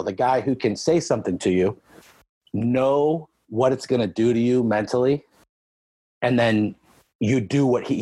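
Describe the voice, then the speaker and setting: A man, a powerlifter, telling animated stories about training in casual podcast chat, with lots of swearing. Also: medium pitch, breathy edge, no echo. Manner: animated storyteller, heavy swearing, acts out his own shouting.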